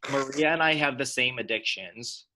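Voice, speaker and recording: A young man with a bright, forceful voice talks openly with close friends. His talk is loose and relaxed, full of "like" and "you know". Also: medium pitch, moderate pace. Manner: relaxed, chatty, peppered with "like". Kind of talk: casual chat among friends.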